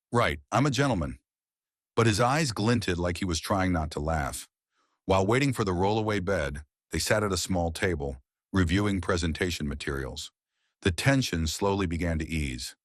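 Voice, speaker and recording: A man with a very low, husky voice reads a romance story in a calm, measured audiobook style. The recording is close and dry with no room sound. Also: no room sound. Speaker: narrator. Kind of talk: scripted audiobook narration.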